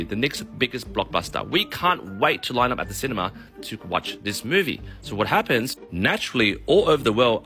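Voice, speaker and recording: A man who works as a mortgage broker, ranting in a profane, animated way on a casual vlog. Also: on the low side.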